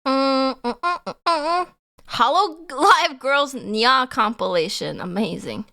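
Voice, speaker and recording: Giggly young woman streaming, lively and bright. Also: high-pitched, slow. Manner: giggly, animated, often laughing. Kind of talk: casual live-stream chat.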